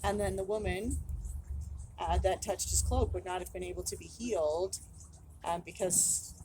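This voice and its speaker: A woman's voice: on the low side, darkish tone. Earnest middle-aged woman, noisy recording. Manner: thoughtful, earnest, measured. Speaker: guest, host's mother. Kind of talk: reflective scripture lesson. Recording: clear background hiss.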